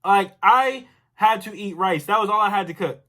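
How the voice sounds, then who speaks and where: A man's voice: high-pitched, normal speed, bright, forceful tone. A young man telling a storytime vlog in an angry, exasperated rant, full of casual slang and repetition. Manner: angry, exasperated, loose slang, repeats himself. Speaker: vlogger.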